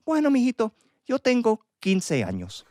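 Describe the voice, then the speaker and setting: A man's voice: very high voice, huge pitch swings, moderate pace, a little mellow, pitched above the performer's own voice, full character voice. A man voicing a teasing older Cuban grandmother who slips between Spanish and English in live storytelling.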